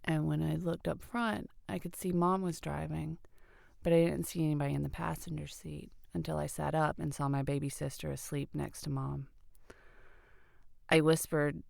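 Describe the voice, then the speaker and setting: A middle-aged woman tells a personal story in a low voice with a gravelly edge. She speaks in an earnest, conversational way and drops to a hush at times. The recording is dry and close, with faint music underneath. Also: flat delivery, normal speed, no echo. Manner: conversational, earnest, sometimes hushed.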